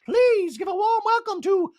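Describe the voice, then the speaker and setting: A man voicing an over-the-top woman emcee in a squealing, whooping falsetto. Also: normal speed, darkish tone, dry recording. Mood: gushing. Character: squealing excited woman emcee, gushing hostess.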